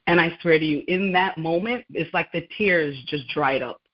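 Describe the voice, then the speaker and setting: A woman's voice: sits low, normal speed. A woman guest on a radio interview, telling her story with animation, laughing often and acting out dialogue. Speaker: guest, laboratory scientist. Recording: muffled lo-fi sound.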